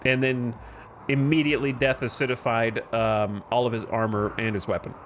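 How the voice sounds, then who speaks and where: A man's voice: mid-range voice, level tone, normal speed, slight background noise, lightly acted. A man voicing an impassioned, grandiose gang-boss-style figure with a put-on Birmingham accent, delivering a scolding eulogy.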